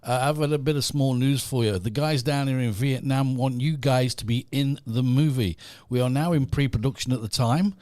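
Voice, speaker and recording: A man's voice: medium pitch, normal speed, hardly any pauses, a little mellow, dry recording. Chatty man hosting a live podcast. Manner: chatty, reads out messages and greets viewers. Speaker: podcast host. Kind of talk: casual live-stream chat. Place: podcast studio.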